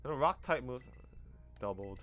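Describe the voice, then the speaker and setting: A man's voice: medium pitch, lively intonation, unhurried, fairly bright tone, faint music behind. Chatty American-accented man streaming a game. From Korea. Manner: chatty, answers chat, trails off and restarts. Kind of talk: casual gameplay commentary.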